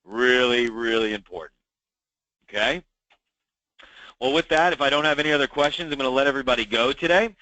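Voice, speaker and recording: Male meeting host, mid-pitch, tense bright tone, chatty briefing style that repeats key points. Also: a little fast, long pauses, no echo, poor audio. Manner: conversational, many fillers, repeats key advice. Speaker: meeting host for insurance agents. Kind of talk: weekly call briefing.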